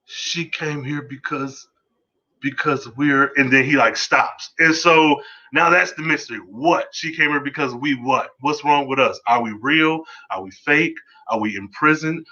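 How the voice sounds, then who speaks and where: A man hosting a podcast, giving a casual, rambling solo review of a TV episode, excitable and swearing freely. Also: medium pitch, highs cut off.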